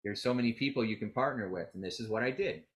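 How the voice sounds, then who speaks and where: A man's voice: medium pitch, fast talker. A man presenting a live motivational seminar on getting clients, telling stories with acted-out quotes and calling on the audience to repeat after him. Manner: energetic, animated storytelling with quoted dialogue.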